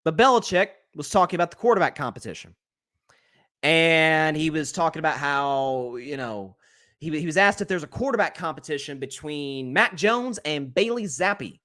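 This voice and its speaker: A man hosting a sports talk show, giving opinionated solo commentary in an animated way, with frequent restarts. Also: a little high, normal speed.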